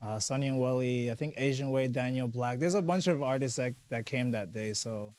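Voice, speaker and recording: Easygoing Caribbean man, mid-pitched voice. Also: brisk, a little mellow. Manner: easygoing, filler-heavy with "like" and "you know". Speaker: guest musician. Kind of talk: casual interview chat.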